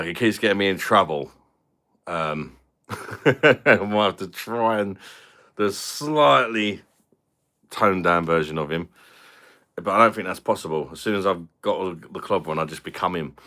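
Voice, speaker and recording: British bloke on a live beer stream, low voice but bright edge, swears, chats to viewers. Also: male voice, measured pace, pauses often. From London. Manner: chatty, swears, reads out viewer comments. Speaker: beer review channel host. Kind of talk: casual live-stream chat.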